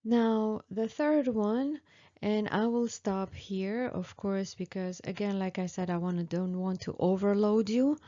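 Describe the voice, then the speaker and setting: Slow, patient woman teaching pronunciation. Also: mid-range voice, mellow, muffled recording. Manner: slow and patient, with many fillers and repeated examples. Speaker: French teacher. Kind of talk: online language lesson.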